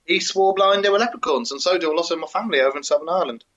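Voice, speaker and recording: A man's voice: a little high, rapid-fire, a crowd in the background. A man co-hosting a show, reading out a folk tale and then chatting with dry humour. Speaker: co-host. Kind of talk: storytelling and casual chat. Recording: dull lo-fi sound.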